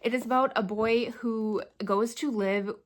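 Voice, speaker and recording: A young woman chatting casually about books on her channel, talking in an animated way and laughing often. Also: on the high side, unhurried. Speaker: book vlogger. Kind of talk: casual chat.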